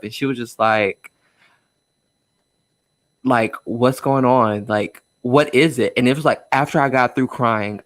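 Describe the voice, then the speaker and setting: The recording is dry, capturing a mid-range, fairly bright male voice. It belongs to a young adult guest in a car, candidly recounting a personal story with feeling, peppered with fillers and nervous laughter.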